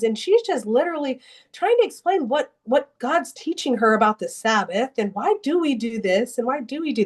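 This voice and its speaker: A young adult woman telling her faith story as a guest in an interview, earnest and emotional, with many restarts. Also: fairly high pitch. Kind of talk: personal testimony in an interview.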